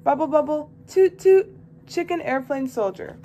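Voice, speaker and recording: A woman voicing an excitable, clumsy young boy frog who shouts his lines in a high storybook voice. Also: moderate pace, a little hiss or hum. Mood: excited. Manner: high, loud, exclaiming.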